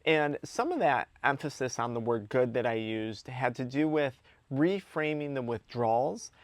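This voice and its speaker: A man's voice: medium pitch, lively intonation, normal speed, no echo. A man speaking as an addiction recovery coach, giving a motivational talk to camera in an earnest, emphatic way, repeating key words for stress.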